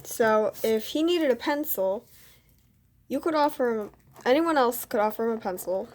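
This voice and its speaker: Slightly high and a little mellow, this teenage girl's voice has lively intonation at a normal speed. She's a student vlogger casually recounting a school story, rambling, self-mocking, and leaning on "like" and "you know."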